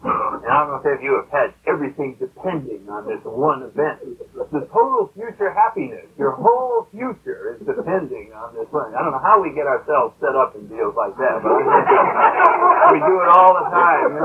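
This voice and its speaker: A man's voice: on the high side, wildly swooping pitch, normal speed, a loud crowd. A man telling a story to a recovery meeting in a rambling, conversational way with many fillers. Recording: tinny lo-fi old tape.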